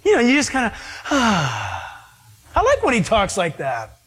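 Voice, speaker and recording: High-voiced man preaching with emphasis. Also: wildly swooping pitch, a bit bright, slightly rough. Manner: emphatic, slows down to stress points. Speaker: pastor. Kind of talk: sermon.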